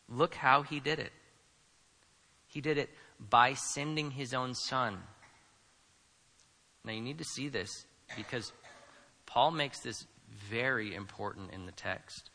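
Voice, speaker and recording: A man preaching a sermon as a pastor, swinging between quiet asides and loud, emphatic lines. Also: medium pitch, takes it slowly, long pauses. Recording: preached in a room with long reverb.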